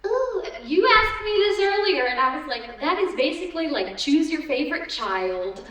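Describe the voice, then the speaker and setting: A woman's voice: high voice, animated, moderate pace, fairly bright tone. A woman in her thirties, a voice actor on a convention panel, chatting in a rambling, giggly way with lots of ums. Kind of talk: casual Q&A storytelling. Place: large convention hall. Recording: echoey hall from far off.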